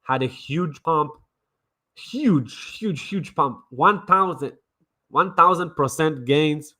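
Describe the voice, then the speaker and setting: A man's voice: on the high side, lively intonation, takes it slowly, bright, forceful tone. A man streaming crypto trading commentary in a brash, mocking way, swearing and repeating himself. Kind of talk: casual livestream commentary.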